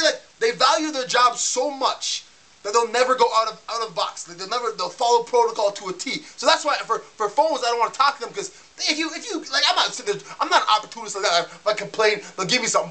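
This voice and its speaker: A man's voice: extremely high pitch, animated, fast talker, pushed and bright. A man ranting to camera in a casual vlog, heated and fired up, stumbling and restarting his sentences as he gets worked up. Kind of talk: casual rant.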